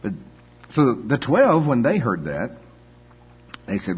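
An older man preaching a folksy, conversational sermon with frequent "you know" asides and chuckles. His voice is husky. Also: medium pitch, huge pitch swings, slow, pauses often. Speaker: pastor. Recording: dull echoey hall.

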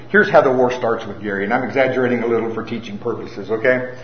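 A middle-aged man preaching a sermon with folksy humor and animated storytelling. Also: medium pitch, moderate pace, long pauses. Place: church hall with a live audience. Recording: roomy, slightly dull sound.

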